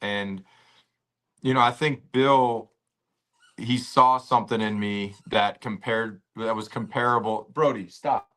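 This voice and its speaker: A man, a former pro football player, telling stories in a casual podcast interview, animated and loose with slangy talk, at home. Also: fairly low pitch, slow pace. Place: at home with a dog nearby.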